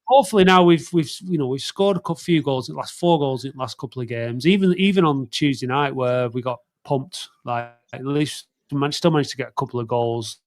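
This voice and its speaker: A man's voice: medium pitch, fairly quick, few pauses. A man co-hosting a football phone-in, chatting casually with frequent laughs and restarts. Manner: chatty, rambling, laughs often. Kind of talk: casual chat. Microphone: streamed online call setup.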